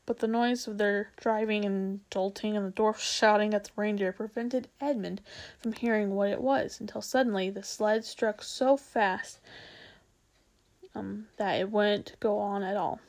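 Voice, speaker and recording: A woman reading a children's novel aloud, expressive and unhurried, with small slips now and then. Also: medium pitch. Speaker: storyteller.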